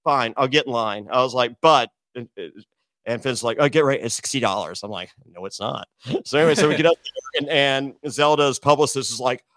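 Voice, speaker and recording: A middle-aged man rambles through a story in a relaxed, chatty way. He keeps restarting his sentences and slips into the voices of the people he quotes. His voice sits at an ordinary pitch and is recorded dry and close. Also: brisk, no echo. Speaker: podcast guest. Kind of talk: casual storytelling.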